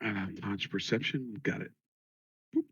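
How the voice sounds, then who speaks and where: A man's voice: fairly low pitch, unhurried, a bit bright, breathy edge, no echo, dull audio. A man playing in an online tabletop game, talking in a hesitant, rambling way. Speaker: player. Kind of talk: casual game talk.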